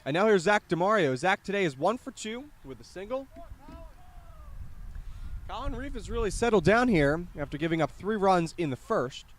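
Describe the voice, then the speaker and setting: High-voiced young baseball play-by-play man. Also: normal speed. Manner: excited on plays, chatty between pitches. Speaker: play-by-play announcer.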